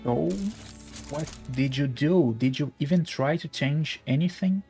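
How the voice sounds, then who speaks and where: Casual male streamer, slightly high voice, rambling and self-deprecating, faint background music. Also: a little slow, warm tone. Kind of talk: live-stream gameplay chat and reading.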